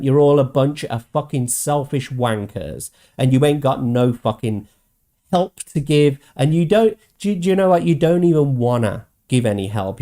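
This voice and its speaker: Brit host, furious profane rant, mid-pitched, mocks opponents in squeaky quotes. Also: male voice, dark tone. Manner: angry, profane ranting, swears constantly; mocking put-on quotes in a higher voice. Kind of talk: ranting commentary.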